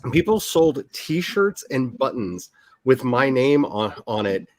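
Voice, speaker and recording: A man hosting a casual talk among writers, chatty and animated, often restarting his sentences. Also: mid-range voice, takes it slowly, no room sound. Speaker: author and channel host. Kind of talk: casual chat.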